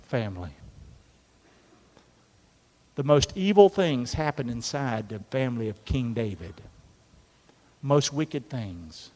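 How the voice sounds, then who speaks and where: A man preaching a sermon as a pastor, animated and leading the congregation in call-and-response. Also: mid-range voice, slow pace, long pauses. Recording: long hall reverb.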